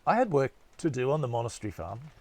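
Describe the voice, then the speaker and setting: A man voicing an anxious young runaway monk in an audiobook, earnest and halting when upset. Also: mid-range voice, big pitch swings, a little mellow, voice pushed up. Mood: confident.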